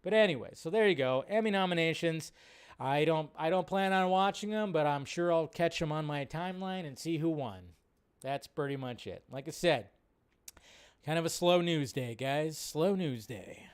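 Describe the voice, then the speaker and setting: Male live-stream host, somewhat high, smooth and resonant voice, rambling offhand delivery. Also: normal speed. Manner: rambling, offhand, thinks aloud with restarts. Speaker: host of a live movie news show. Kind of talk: casual live-stream chat.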